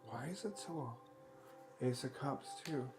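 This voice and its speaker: A man's voice: medium pitch, animated, unhurried, music in the background. A man giving a live-streamed tarot reading in a chatty, joking way, relaying what the spirits tell him. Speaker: tarot card reader.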